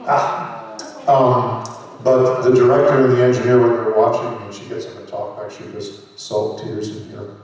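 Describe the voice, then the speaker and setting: A man in his sixties, a voice actor on a convention panel, telling lively anecdotes and self-mocking jokes into a handheld mic. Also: mid-range voice, moderate pace, muffled recording. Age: 60s. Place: large convention hall. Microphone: handheld microphone. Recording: echoey hall, voice from far off.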